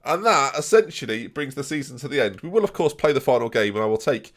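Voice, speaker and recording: A young man giving jokey, excitable live commentary on his game and talking to his viewers. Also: medium pitch, fast. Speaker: gaming streamer.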